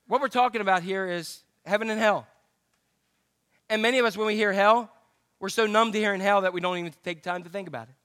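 A man's voice: sits high, fairly even intonation, fast talker, a bit bright, clear, resonant tone. A man pastor preaching an earnest, conversational sermon.

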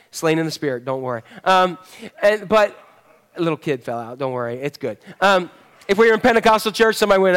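High-voiced joking pastor man. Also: lively intonation, quick pace, a bit bright, smooth. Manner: conversational, joking storyteller. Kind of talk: sermon. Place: church service.

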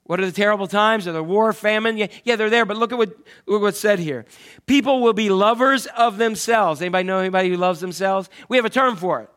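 A pastor preaching a conversational sermon, often asking the congregation questions. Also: male voice, sits high, quick pace, hardly any pauses, fairly bright tone, clean tone.

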